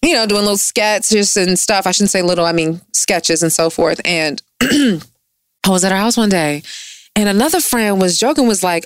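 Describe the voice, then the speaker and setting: Casting note: woman host, lively sing-song pitch, dry close sound, playful and jokey. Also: normal speed, dry recording. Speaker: podcast host. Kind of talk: casual chat.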